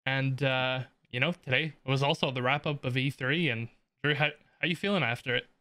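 A man's voice: medium pitch, brisk, dry recording. Easygoing man hosting a podcast. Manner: relaxed, easygoing, introduces the episode. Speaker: podcast host. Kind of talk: casual podcast chat.

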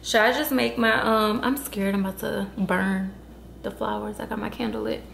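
Woman vlogger, mid-pitched, exasperated and emphatic, recorded in a room with echo. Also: fairly even intonation, normal speed, creaky, a bit bright, a little hiss or hum. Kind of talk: casual vlog talk to camera. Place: at home indoors.

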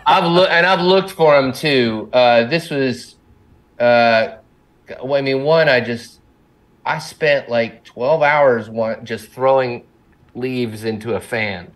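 Middle-aged guy being interviewed, rambly and self-deprecating, laughs a lot, middle pitch. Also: slow pace. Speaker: guest, animation co-creator. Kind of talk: casual interview chat.

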